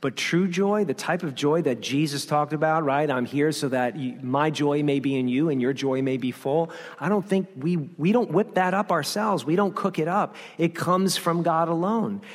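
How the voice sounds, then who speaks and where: A man preaching from the pulpit in a slightly higher-than-usual voice, driving his points home with repeated refrains and rhetorical questions. His voice rings out with a long reverb, as in a large church sanctuary. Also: normal speed, hardly any pauses. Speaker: pastor. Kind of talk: sermon.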